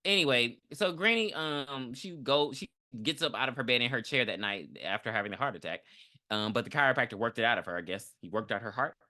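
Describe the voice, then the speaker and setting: A podcast co-host recapping a movie in casual, profane chat, animated and mimicking the characters. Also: medium pitch, a little fast.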